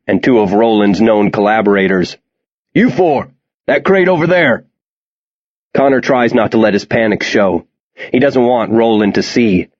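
Male audiobook narrator, low voice, steady tension, lo-fi sound. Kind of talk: scripted narration.

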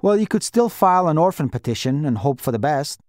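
A man voicing a frank, businesslike immigration lawyer who lays out options in a steady, matter-of-fact way. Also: a little high, a little fast, dry recording, studio quality.

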